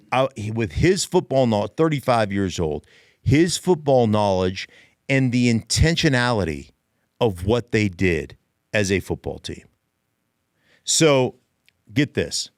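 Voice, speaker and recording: A man's voice: mid-range voice, no room sound, studio quality. A middle-aged man hosting a casual sports podcast, telling stories with emphatic repetition. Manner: animated storyteller, emphatic repetition. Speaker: podcast host, former player and analyst.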